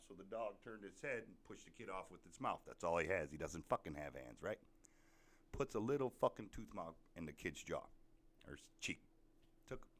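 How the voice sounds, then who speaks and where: A man with a very low voice delivers a casual, profane rant. He talks bluntly and rambles as he tells his story, swearing freely, the way a podcast host does in his own solo show. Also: fairly bright tone.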